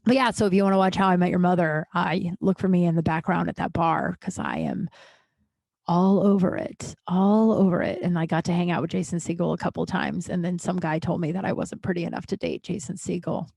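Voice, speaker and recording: A woman in her thirties hosting a podcast, telling a casual story full of fillers, swearing and lively quoted voices. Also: on the low side, fast talker, vocal fry, few pauses, no room sound. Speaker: podcast host.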